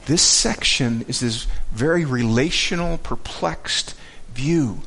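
A man teaching a Bible passage in a conversational way, earnest and halting, often repeating words as he searches for them. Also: medium pitch, sharp tone, slightly rough.

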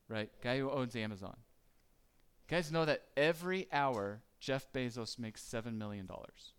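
A man's voice: mid-range voice, clear, resonant tone. A man preaching a conversational sermon, asking the listeners questions and acting out their worries. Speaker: pastor.

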